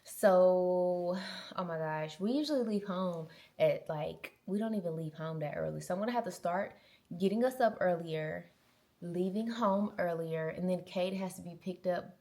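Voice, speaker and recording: A woman's voice: lowish voice, moderate pace. A woman in her twenties, a mom vlogger chatting casually and animatedly to her camera. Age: 20s. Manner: chatty, animated, uses y'all and girl. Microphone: small handheld camera.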